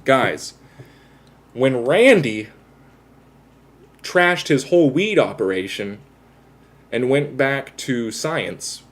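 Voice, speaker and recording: A man's voice: mid-range voice, animated, slow, long pauses. A man chatting casually with his livestream viewers, rambling, self-mocking and swearing freely. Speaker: live streamer.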